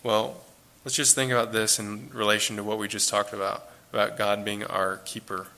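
A man's voice: fairly low pitch, flat delivery, moderate pace, sharp tone. A man giving an informal, earnest Bible teaching, talking conversationally and repeating phrases for emphasis.

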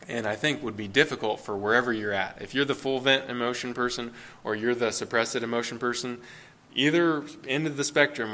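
A pastor preaching an informal sermon, talking casually with frequent restarts and short laughing asides. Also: male voice, medium pitch, sharp tone. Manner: conversational, self-interrupting, laughing asides.

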